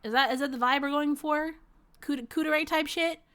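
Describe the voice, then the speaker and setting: Giggly, high-voiced young streamer woman. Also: fairly quick. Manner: giggly, animated and playful. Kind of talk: playing a game on stream. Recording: game music in the background.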